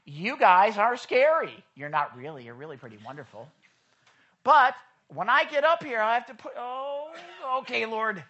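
A pastor delivers a sermon to a church congregation in an animated, chatty way. The voice sits at a middle pitch. It acts out the people in the stories and keeps checking in with the room. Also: normal speed, lo-fi sound. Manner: chatty, asks the room questions.

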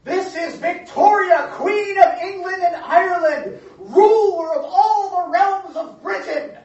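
An imperious, indignant queen bellowing her demands in a high, slow, drawn-out voice, as a man preacher puts her on. The sound is distant and dull, ringing in a very echoey room. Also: darkish tone. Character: imperious shouting queen, indignant royal woman.

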